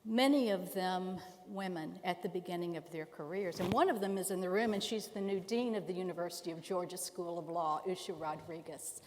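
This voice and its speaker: A woman's voice: fairly low pitch, a little fast, few pauses, a little hiss or hum. Older lady, retired dean, earnest and reflective, hall echo trailing off long. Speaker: retired law school dean on a panel. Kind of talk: panel discussion on stage. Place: large conference hall.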